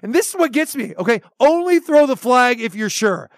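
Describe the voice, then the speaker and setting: Brief: male sports radio host, high pitch, animated ranting, dry close mic. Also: fairly quick, no echo. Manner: animated ranting, acts out quotes.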